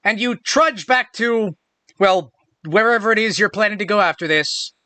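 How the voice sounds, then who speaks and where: Bright-voiced casual male game master. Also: high voice, normal speed, dry recording. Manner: casual, loose narration with fillers. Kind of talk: narrating a tabletop game.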